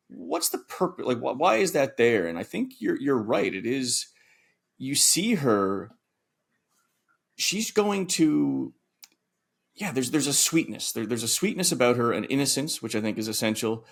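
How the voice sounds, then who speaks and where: A man's voice: mid-range voice, creaky. A man co-hosting a film podcast, speaking thoughtfully and reflectively in casual discussion. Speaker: podcast co-host.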